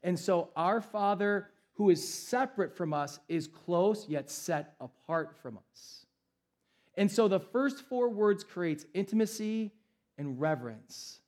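Emphatic male pastor, higher voice. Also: lively intonation, darkish tone. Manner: emphatic, varied pace with slowed stressed phrases. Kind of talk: sermon.

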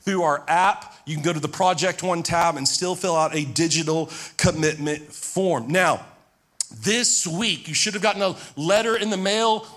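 A man in his forties preaching as a pastor, telling personal stories in a conversational way and praying in a low, soft voice. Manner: conversational storytelling, drops low and soft in prayer. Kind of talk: sermon with prayer and personal stories.

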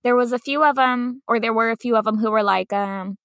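Bright-voiced woman teacher telling stories. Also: fairly high pitch, brisk, few pauses, no room sound, clean studio sound. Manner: animated, acts out quotes in a sing-song teacher voice. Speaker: kindergarten teacher and podcast co-host. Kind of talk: casual storytelling chat.

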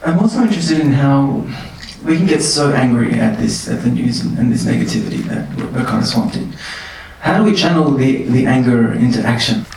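A male interviewer with a gravelly edge to his voice asks soft, musing questions. The room is very echoey. He sits well back from the mic, with faint ambience behind him. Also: mid-range voice, lively intonation, brisk, recorded from a distance, a little hiss or hum.

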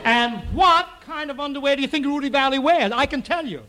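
High-voiced wisecracking old-time radio comedian. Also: male voice, pushed and bright. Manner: rapid wisecracking patter with asides to the audience. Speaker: comedian and radio show host. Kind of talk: stage comedy monologue before a live audience. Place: theater studio with live audience. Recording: faint noise on an old radio recording.

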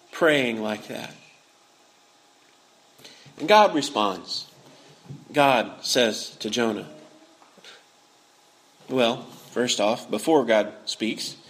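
A preacher with a notably high voice delivers an earnest, expressive sermon. He frequently repeats words mid-sentence and brings the lines he quotes to life with feeling.

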